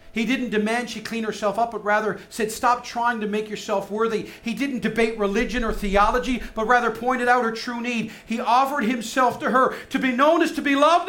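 A man preaching a sermon, moving between soft, hushed lines and loud, rising emphasis. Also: sits high. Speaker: pastor.

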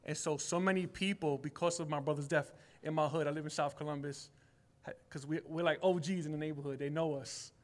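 A man's voice: fairly high pitch, steady tone, a little fast. A man in his forties sharing a heartfelt personal testimony at church in casual everyday speech, growing emphatic. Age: 40s.

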